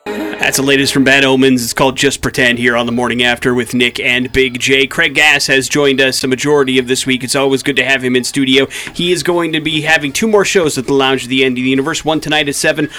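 Bright-voiced man hosting morning radio. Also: mid-range voice, steady tone, quick pace. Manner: easygoing, promotional. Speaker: radio host. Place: radio studio.

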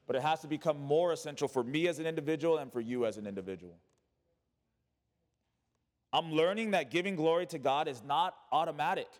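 A man's voice: on the high side, big-room sound. A man preaching as a pastor, reading scripture and then driving his point home with emphatic repetition and casual asides. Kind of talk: sermon.

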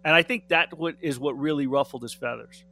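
A man's voice: a little high, a little fast, over loud music. A man co-hosting a sports talk show, friendly and agreeable, often stumbling over repeated words. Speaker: sports radio co-host.

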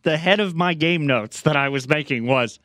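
A man's voice: on the high side, moderate pace, a bit bright, no room sound, studio quality. A man co-hosting a casual sports talk show with a wry, joking manner.

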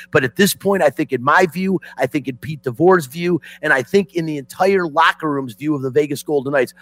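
A middle-aged man from Detroit hosting sports talk, telling a story in an excitable, emotional way. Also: a little high, no room sound. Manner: excitable, emotional, swings loud and soft. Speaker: sports radio host.

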